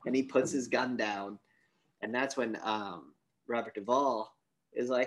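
A young man co-hosting a casual podcast movie review, retelling the plot with animated quotes of the characters. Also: mid-range voice, moderate pace, rough recording. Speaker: podcast co-host.

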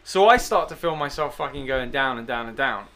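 A young man telling a story in casual chat, with a lot of swearing, animated and mocking himself. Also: mid-range voice, brisk. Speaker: podcast guest storyteller.

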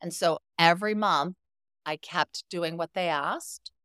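A middle-aged woman, a therapist appearing as a podcast guest, tells stories expressively and acts out quoted dialogue. Her voice is lowish, smooth, and fairly bright, a little slow, captured in a dry, clean studio recording.

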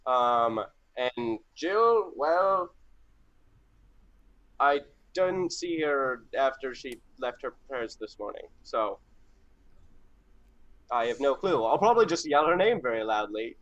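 A man playing a tabletop game, talking in character with a loud, bantering manner. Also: mid-range voice, animated, takes it slowly, pauses often, highs cut off.

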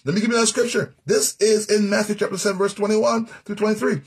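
A man preaching a sermon, teaching scripture in a folksy, animated way, breaking into laughs and sung-out phrases. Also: high-pitched, fast talker, slightly rough.

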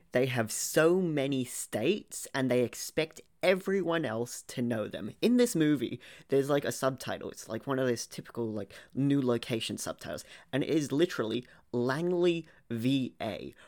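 Young guy, gravelly voice, sweary mock-ranting co-host. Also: mid-range voice, animated, moderate pace, few pauses, a little mellow. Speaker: podcast co-host. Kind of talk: casual film-review chat.

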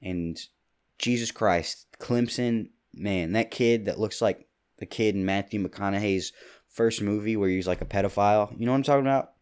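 A young man in his twenties talks on his own into a pop-filtered mic, drifting from one thought to the next. His voice sits very low. He rambles and jokes with quick asides. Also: a little mellow, clear, resonant tone. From Kentucky. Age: 20s. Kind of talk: casual solo monologue. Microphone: studio mic with pop filter.

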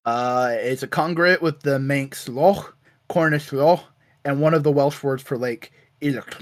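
A man's voice: medium pitch, unhurried. A man casually recapping a comic book issue on a podcast, acting out the characters' lines with lots of "uh" fillers.

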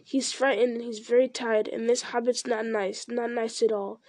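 A woman's voice: on the high side, flat delivery, moderate pace, a little mellow, close to an everyday voice. A woman voicing a starved, sly male creature that hisses and squeals in a pleading way. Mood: whining. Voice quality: hissing, squealing. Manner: pleading, repetitive.

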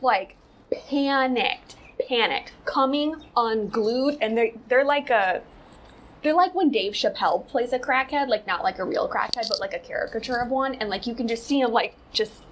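A woman with a voice on the high side hosts a casual commentary show at a moderate pace. She's rambling and sarcastic with heavy use of "like," and the rough recording has a little hiss or hum.

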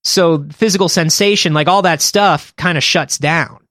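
Higher-voiced man musing in dry sound. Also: moderate pace, fairly bright tone, no echo. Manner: thinks aloud, hedging with fillers. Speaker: podcast co-host. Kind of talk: casual chat.

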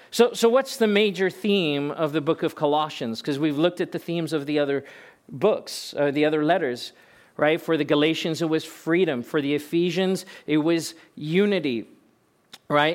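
A man's voice: on the high side, moderate pace. A male pastor preaching a sermon in an emphatic, conversational way, asking rhetorical questions.

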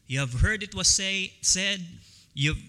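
A man preaching a sermon as pastor, slow and emphatic, repeating key phrases for stress. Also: high-pitched, sharp tone, in a large hall.

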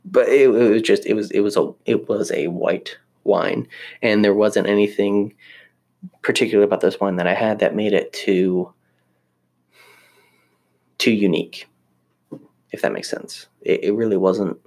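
A man's voice: fairly low pitch, creaky, darkish tone. A young man chatting casually to the camera, rambling and self-deprecating, with lots of restarts. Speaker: vlogger living in Japan.

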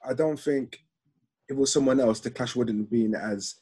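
A young man chats casually, making emphatic points in quick bursts. His voice has a husky, breathy edge. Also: mid-range voice, warm tone. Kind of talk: casual chat.

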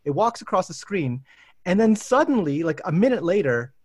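A man in his thirties, a professor hosting a casual chat, telling animated, rambling anecdotes full of restarts. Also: high-pitched, normal speed, slightly rough, no room sound, studio quality. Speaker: professor and host.

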